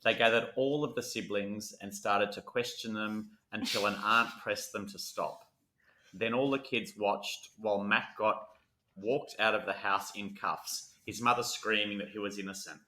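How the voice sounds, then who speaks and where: Bright-voiced low man, jokey podcast host. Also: fairly even intonation, moderate pace, echoey room. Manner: jokey, laughs often, reads story aloud. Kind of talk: casual chat, reading case notes.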